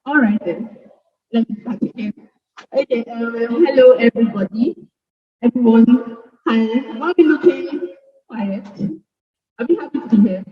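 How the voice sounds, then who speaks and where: A woman's voice: a little high, a little slow, pauses often. A young woman, a student giving a friendly, informal talk in an online session. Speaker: guest speaker, computer science student. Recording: echoey distant lo-fi call audio.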